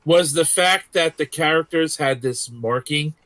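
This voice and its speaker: A man's voice: a little high, measured pace, fairly bright tone, no room sound. A man hosting a casual group chat, swearing freely and retelling scenes with animation. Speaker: podcast host.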